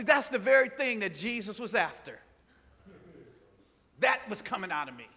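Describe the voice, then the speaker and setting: A man preaching a sermon, telling a personal story with animated delivery and acting out the voices of the people in it. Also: high voice, a little slow, long pauses. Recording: long hall reverb.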